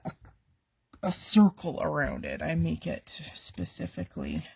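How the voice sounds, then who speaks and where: A woman hosts a live craft demonstration while she is losing her voice. She talks to her viewers in a slow, relaxed way, with a slightly low, gravelly tone. She chats with them as she works. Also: dry recording.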